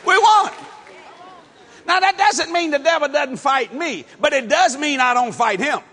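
A middle-aged man from New Orleans, preaching a sermon as animated storytelling with shouted bursts and chuckles. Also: very high voice, moderate pace. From New Orleans, USA. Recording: long hall reverb.

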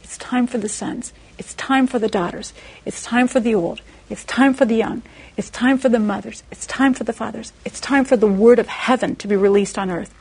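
A woman preaching a sermon, telling a personal story in an animated way and acting out the voices of the people in it. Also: normal speed, husky. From Texas, USA. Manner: animated storytelling, acting out quoted voices with big pitch jumps.

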